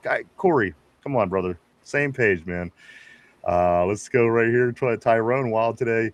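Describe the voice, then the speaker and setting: A man's voice: lowish voice, unhurried, dry recording. Laid-back man reading chat aloud. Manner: laid-back, chuckling, reads comments aloud. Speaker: podcast co-host reading chat. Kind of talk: casual live-stream chat.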